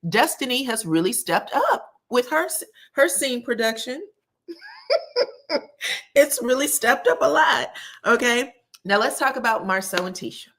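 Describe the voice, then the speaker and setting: A married woman recapping reality TV episodes on a live stream, chatting casually, calling viewers honey and baby, and acting out quotes from the scenes. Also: unhurried. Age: adult, married. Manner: acts out quotes from the scenes with lively pitch jumps.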